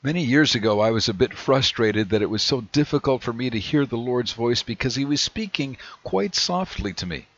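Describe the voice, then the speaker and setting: A man preaching a sermon in a measured way, slowing down whenever he reads scripture aloud. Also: mid-range voice, lively intonation, fairly bright tone. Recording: dry, dull lo-fi recording.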